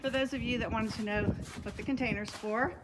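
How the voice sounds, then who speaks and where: A woman's voice: on the high side, fairly even intonation, brisk, noisy background. A woman vlogging outdoors, chatty and out of breath while hauling heavy chairs uphill. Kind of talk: casual vlog narration. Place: outdoors on a mountain lot.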